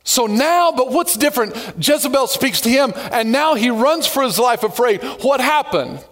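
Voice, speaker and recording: A male pastor preaching a lively sermon, reading scripture and telling stories with joking asides. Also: very high-pitched, moderate pace.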